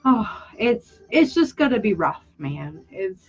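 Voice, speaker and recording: A young woman vlogs casually as she draws, her slightly high voice lively in intonation and measured in pace with few pauses. She rambles candidly, mocks herself, keeps restarting, and sounds close to tears. Soft music plays behind her, and the lo-fi audio is muffled.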